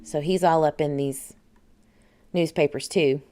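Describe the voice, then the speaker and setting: Hosting a relaxed livestream, a Southern US woman chats and reads out viewers' comments with plenty of laughter. She speaks in a low, warm voice with a steady tone and measured pace.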